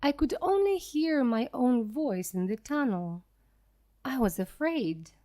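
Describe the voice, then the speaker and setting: A woman reads a simple adventure story for beginner learners. She speaks slowly and clearly, her pitch a bit high and her intonation lively. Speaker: narrator.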